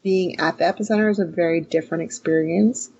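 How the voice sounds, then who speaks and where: A woman from California co-hosting a casual podcast chat, wry and relaxed, laughing often. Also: lowish voice, fast talker, vocal fry, husky, highs cut off. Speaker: podcast co-host.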